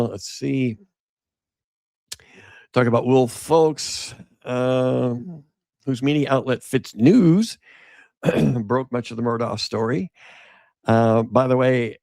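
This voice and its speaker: A man's voice: medium pitch, vocal fry, darkish tone, no echo, clean studio sound. A male podcast host giving casual commentary, reading an article aloud with sarcastic, rambling asides.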